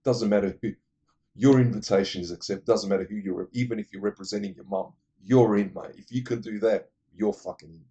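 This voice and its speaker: A man's voice: lowish voice, fairly even intonation, dark tone, husky, lo-fi sound. A man casually retelling a film plot, rambling and swearing, losing his thread now and then. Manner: acts out the characters' lines in quick impressions.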